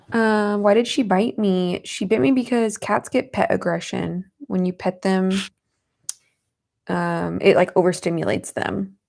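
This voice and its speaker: A young woman in her twenties hosts a relaxed livestream from home, chatting with viewers and reading their comments aloud. Her medium-pitched voice stays fairly even and unhurried, with some vocal fry. She's chatty and giggly, and she coos softly at her cat.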